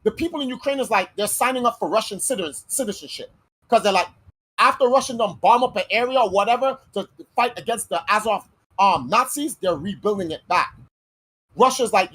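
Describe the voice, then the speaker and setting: A woman with a husky, breathy voice holds forth on her podcast. She argues her point bluntly and heatedly, swearing freely in loose, casual talk. Her pitch sits in the middle of the usual range. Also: lively intonation, brisk, fairly bright tone, rough recording. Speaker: podcast host. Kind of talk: casual chat.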